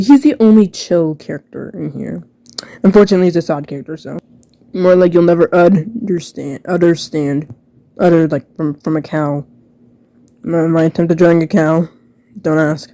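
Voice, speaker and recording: A woman rambles through a mocking, sarcastic commentary, full of quick restarts and jokey asides. Her voice sits a bit low and sounds dark and mellow. It is recorded dry and close, with no room sound. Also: no echo. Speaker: video creator reviewing her own old book. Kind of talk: casual commentary reading aloud.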